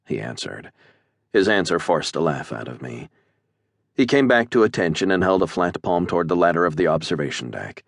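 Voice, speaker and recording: A man narrating an audiobook in the first person, measured and even, on a close studio mic. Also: sits low, no room sound.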